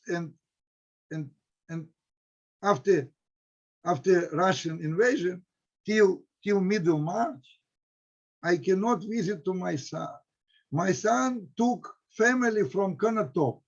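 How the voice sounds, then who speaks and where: A middle-aged Ukrainian man, a historian, speaking halting, non-native English in an emotional discussion with students, with many restarts. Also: high voice. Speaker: historian, center director. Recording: dull lo-fi recording.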